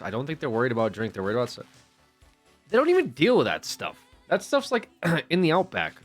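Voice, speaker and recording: A man's voice: fairly low pitch, a bit bright. A man streaming live, chatting casually and rambling with profane jokes to his chat.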